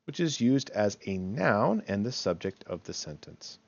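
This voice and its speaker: A man's voice: medium pitch, very animated, unhurried, vocal fry, few pauses, darkish tone, dry recording, lo-fi sound. A man teaching English grammar in a recorded online lecture, chatty and thinking aloud, often checking in with "right?" and correcting himself as he goes.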